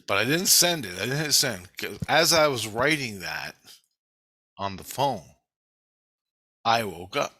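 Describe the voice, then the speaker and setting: A middle-aged man rambles through a long personal story, swearing often and doubling back on himself. His voice has a hard, bright edge. The sound is close and dry. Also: fairly low pitch, very animated, measured pace, long pauses, dry recording. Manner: rambling, profane, retelling a dream. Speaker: vlogger. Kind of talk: casual storytelling monologue.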